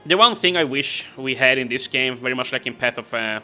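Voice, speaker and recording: A man giving casual let's-play commentary, chatty and talking to himself as he plays. His voice is bright and forceful. Faint game music runs in the background. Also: mid-range voice, fairly quick. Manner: casual, exasperated, talks to himself. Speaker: gaming video host.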